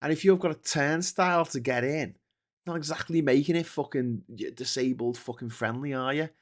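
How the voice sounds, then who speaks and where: A man's voice: mid-range voice, normal speed. A man hosting a casual livestream, ranting indignantly and swearing constantly. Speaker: host. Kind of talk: casual livestream commentary, reading viewer comments.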